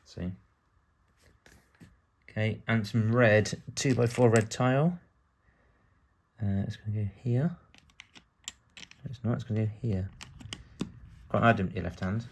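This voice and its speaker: A man's voice: lowish voice, a little slow, pauses often, a little hiss or hum. A British man from the UK giving casual build-along narration as a vlogger, chatty and full of wry asides while he works. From United Kingdom.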